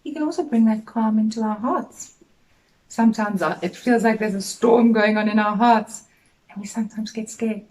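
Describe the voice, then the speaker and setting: A middle-aged woman teacher gently tells young children a story at an assembly, speaking in a sing-song way. Her voice sits on the high side at normal speed, and the recording is rough.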